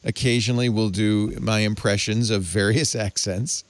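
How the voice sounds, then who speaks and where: A man's voice: fairly low pitch, fairly even intonation, normal speed, dry recording. A man hosting a casual panel chat, musing aloud and laughing often. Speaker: host.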